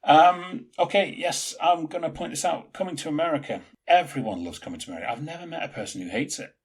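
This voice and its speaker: A man's voice: a little high, fast. A man co-hosting a podcast in casual chat, rambling through film trivia. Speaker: podcast co-host.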